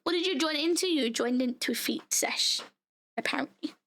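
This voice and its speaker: A young British woman chatting casually on a livestream, bubbly and giggly, her voice hoarse and giving out. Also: sits high, moderate pace, a bit bright. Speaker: VTuber streamer.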